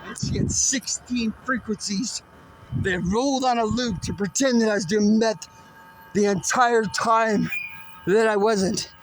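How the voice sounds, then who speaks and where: A man with a rather high voice rants furiously at someone who isn't there, threatening and swearing constantly. He rambles, now yelling, now dropping to a harsh mutter. A faint noise hangs in the background. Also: fairly even intonation, a little slow. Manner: aggressive, profane, threatening; rambling, swings between shouting and muttering. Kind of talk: angry rant at an unseen person.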